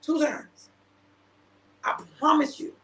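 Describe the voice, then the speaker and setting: A woman's voice: sits high, takes it slowly, fairly bright tone, reverberant. A woman minister hosting a casual chat, telling a personal story with laughter and acting out the quoted dialogue. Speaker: minister and show host.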